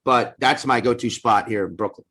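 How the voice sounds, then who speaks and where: A man appearing as a comedian guest on a podcast, talking in an animated way with frequent restarts. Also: mid-range voice, normal speed. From US South. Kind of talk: casual chat.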